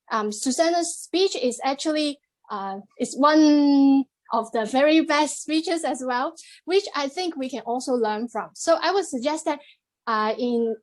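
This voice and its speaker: This is a club meeting on a video call where a woman with a high voice gives the general evaluation. Her delivery is steady in pace and encouraging, peppered with fillers.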